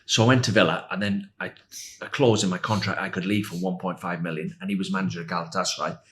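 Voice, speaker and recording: A man in his sixties, a former footballer, telling animated anecdotes as a podcast guest and laughing as he goes. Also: low-pitched, quick pace, a little hiss or hum. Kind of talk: anecdotal storytelling.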